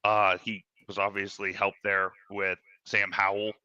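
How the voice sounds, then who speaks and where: A man's voice: fairly low pitch, monotone, unhurried, bright, forceful tone, dry recording. A man co-hosting a casual live stream, laid-back and chuckling. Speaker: co-host. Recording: dull lo-fi sound.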